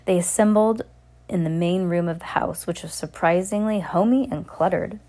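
A woman narrating an audiobook in a steady reading voice with small restarts. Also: on the low side, moderate pace.

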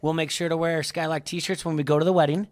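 A podcast co-host chatting casually with a mid-pitched voice. The talk rambles with frequent restarts. Scenes from the show get retold with animation. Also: little pitch movement, quick pace, a little mellow. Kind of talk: casual chat.

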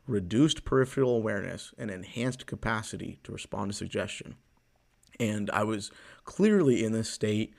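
Loose, profane young man telling a story. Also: creaky. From US Pacific Northwest. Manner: loose and profane, with sudden jumps in pitch and loudness. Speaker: podcast host. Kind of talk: casual storytelling monologue.

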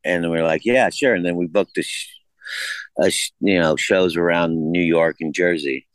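Low-voiced man telling rambling stories. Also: level tone, moderate pace, no echo, poor audio. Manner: rambling and profane, acts out quoted dialogue. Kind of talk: casual conversation.

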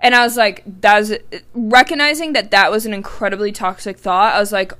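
A woman's voice: mid-range voice, fairly even intonation, a little fast, few pauses, pushed and bright. A young woman hosting a personal podcast, talking candidly in a rambling, casual way with lots of "like". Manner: rambling, heavy use of "like", candid and frank. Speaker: podcast host.

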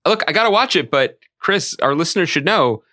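A man co-hosting a pop-culture podcast, telling animated, joking stories in casual chat. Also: a little high, a little fast. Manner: animated storyteller, jokey riffs. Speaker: podcast co-host.

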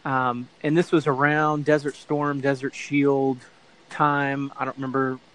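A man's voice: medium pitch, level tone, unhurried, fairly bright tone, rough recording. Middle-aged male guest, rambling casual storyteller, mid-range voice. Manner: rambling, self-correcting storyteller who acts out quoted voices. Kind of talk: casual anecdote telling.

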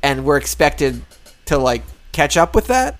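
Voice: medium pitch, very animated, unhurried, faint music behind. Dry-humored podcast co-host. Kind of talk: casual film discussion.

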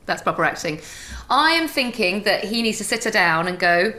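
A woman's voice: medium pitch, lively intonation, moderate pace, bright, forceful tone. A woman chatting as a co-host, chatty and confessional. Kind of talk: casual chat.

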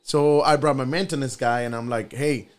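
A man, a guest on a podcast, telling a story in relaxed casual chat and repeating his phrases. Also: mid-range voice, normal speed, smooth.

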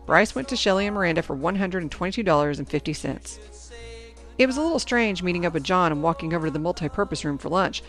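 A woman reading a first-person teen novel aloud in a lively storytelling manner. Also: on the low side. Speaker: audiobook narrator.

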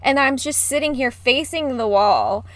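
A woman's voice: high voice, lively intonation, moderate pace, fairly bright tone, dry recording. A young woman co-hosting a casual podcast from home over a video call, bubbly, giggling and apologetic. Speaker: podcast co-host. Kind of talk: casual chat. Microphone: close podcast mic.

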